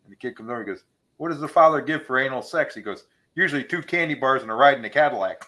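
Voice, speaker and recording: A man's voice: mid-range voice, pushed and bright. A man hosting a casual podcast, telling jokes and laughing at his own punchlines. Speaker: podcast host.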